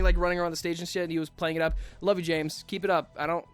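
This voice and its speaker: A man's voice: high voice, fairly even intonation, very fast, hardly any pauses, no echo, faint music behind. A man in his twenties telling a rambling, sweary, self-mocking story about his school days. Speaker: vlogger. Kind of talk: casual storytime rant.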